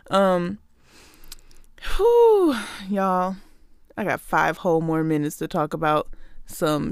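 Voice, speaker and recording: A woman's voice: mid-range voice, gravelly, dry recording, studio quality. A woman hosting a show, delivering a sarcastic, exasperated comedic rant straight to her listeners. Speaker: podcast host.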